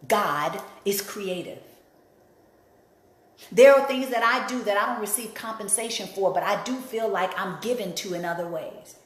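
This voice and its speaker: A woman's voice: mid-range voice, normal speed. A woman hosting an inspirational talk, speaking emphatically and repeating key phrases for emphasis. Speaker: host and life coach. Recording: roomy echo.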